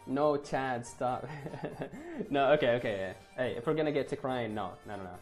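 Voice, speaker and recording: A man's voice: mid-range voice, sing-song, moderate pace. Chatty young man streaming while drawing. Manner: chatty, laughs often, thinks aloud while working; reads and answers live chat. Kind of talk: casual livestream chat. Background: faint background music.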